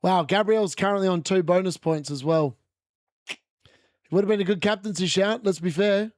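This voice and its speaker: Excitable high-voiced man streaming. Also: moderate pace, no echo, clean studio sound. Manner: excitable, chatty, laughs often; corrects himself mid-sentence. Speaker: fantasy football streamer. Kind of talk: live watch-along commentary.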